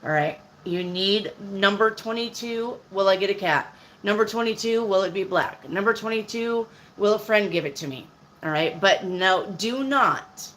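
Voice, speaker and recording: A woman's voice: mid-range voice, moderate pace, fairly bright tone, a little hiss or hum, poor audio. A woman in her fifties, a tarot reader on a live stream, answering viewers' questions in a blunt, chatty way. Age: 50s.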